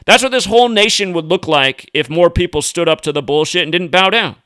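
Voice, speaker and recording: High-voiced, profane, ranting American man. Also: brisk, pushed and bright, clean tone, no room sound. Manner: profane, combative, heated. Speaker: host. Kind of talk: ranting video commentary.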